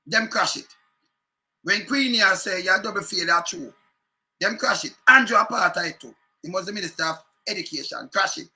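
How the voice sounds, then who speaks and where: Jamaican male commentator, high bright voice, fiery and sarcastic, repeats points hard. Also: expressive, moderate pace. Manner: fiery, repetitive, sarcastic, mixes patois. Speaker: political commentator. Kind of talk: heated political rant.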